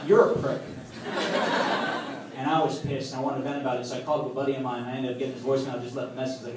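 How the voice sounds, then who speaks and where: A man doing a stand-up comedy set on a club stage, telling stories in a punchy, exasperated way with sudden loud outbursts. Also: medium pitch, animated, fast talker, a crowd in the background. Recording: echoey club room from a distance. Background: audience laughter and club ambience.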